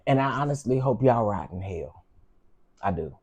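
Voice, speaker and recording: A man's voice: fairly low pitch, animated, moderate pace, darkish tone, slightly rough. A man hosting his own channel, telling personal stories with frank, heated, preacher-like repetition. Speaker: channel host. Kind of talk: emotional storytime commentary.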